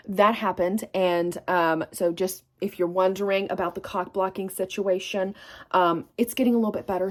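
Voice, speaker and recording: A woman book vlogger chatting casually at home about her reading, gushing and full of fillers and restarts. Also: mid-range voice.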